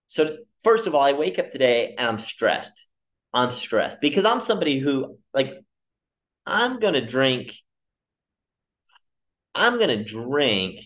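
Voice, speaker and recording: A young man rambles through a comic monologue on his own podcast. His voice sits at an ordinary pitch for a man, and he keeps jumping up high and loud when he acts out the people in his story. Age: young adult. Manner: animated storytelling, acting out quoted people in jumpy voices. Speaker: podcast host. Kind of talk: casual comedic monologue.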